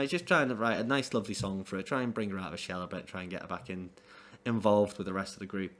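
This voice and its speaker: A man with a somewhat low voice talks through an album in a loose, casual review. He rambles, doubling back with fillers and restarts as he goes. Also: quick pace, a bit bright. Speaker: music reviewer.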